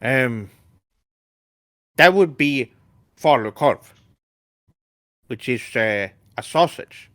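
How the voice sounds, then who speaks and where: A man speaks in a halting, hesitant way and scatters Japanese words through his answers. His voice swings up and down in pitch, and the sound is dry and close with no room echo. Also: animated, fairly bright tone. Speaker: guest YouTuber. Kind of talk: casual interview chat.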